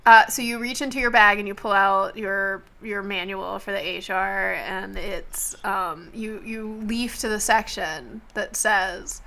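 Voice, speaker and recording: Bright-voiced woman game master, laughing. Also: mid-range voice, unhurried, vocal fry, few pauses. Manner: animated storyteller who laughs often. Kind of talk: narrating a tabletop game.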